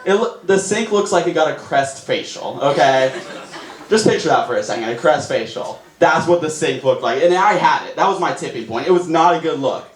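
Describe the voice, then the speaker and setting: A young man performing a self-mocking stand-up routine on a comedy club stage, excitable and quick to laugh at himself, with audience laughter behind him. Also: on the high side. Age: young adult. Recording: echoey live room, audience noise.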